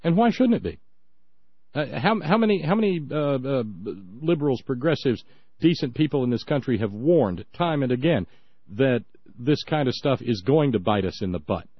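A man co-hosting a political talk radio show, sarcastic and halting, with many fillers. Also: mid-range voice, expressive, breathy edge, no room sound. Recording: dull dry lo-fi sound.

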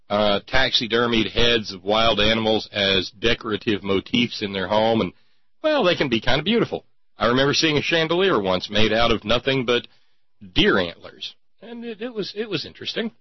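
A sarcastic male talk radio host with a husky, slightly breathy voice that leaps up into squeaky mock outrage. The sound is dry and close, with a somewhat dull, lo-fi broadcast tone. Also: no echo. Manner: mocking, with sudden high-pitched exclamations.

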